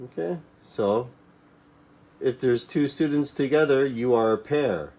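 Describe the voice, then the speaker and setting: A man teaching a classroom English lesson to young learners, repeating simple commands slowly for them to echo. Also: medium pitch, warm tone. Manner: slow, repeats phrases for students to echo; mimics classroom commands in a raised voice.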